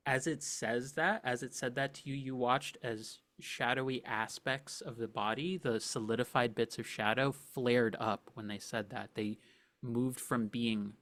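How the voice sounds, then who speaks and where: A man's voice: medium pitch, fairly bright tone. A man running a tabletop game as game master, describing scenes with frequent restarts.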